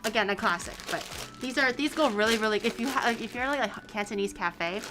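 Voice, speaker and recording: A woman's voice: a little high, lively intonation, fast, music in the background. A young woman streaming, rambling casually about her day with swearing and laughs. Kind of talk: casual chat.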